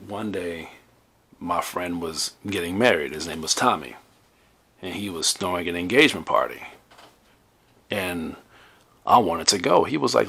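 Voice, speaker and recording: A man's voice: deep voice, unhurried, creaky, long pauses, sharp tone, husky. A man hosting a podcast, telling a personal story in a rambling, conversational way full of restarts. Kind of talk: casual storytelling monologue.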